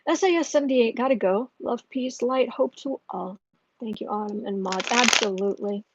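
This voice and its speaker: A woman's voice: on the high side, normal speed, muffled recording, slight background noise. A woman hosting a livestream tarot reading, heated and ranting, often restarting her sentences. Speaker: tarot reader and channel host.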